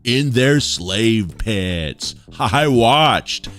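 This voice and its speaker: A man voicing an ancient male chronicler of a war empire, with a slow, grand delivery in a put-on accent. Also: mid-range voice, lively intonation, fairly bright tone, soft background music, pitched above the performer's own voice.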